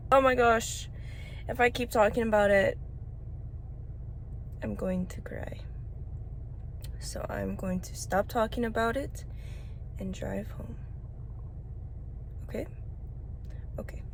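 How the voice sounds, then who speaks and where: A woman book vlogger talking casually to camera, emotional and often dropping to a hushed whisper. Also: fairly high pitch, fairly even intonation, slow pace, creaky, pauses often, noisy background. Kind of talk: casual vlog talk to camera. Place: in a car, then at home late.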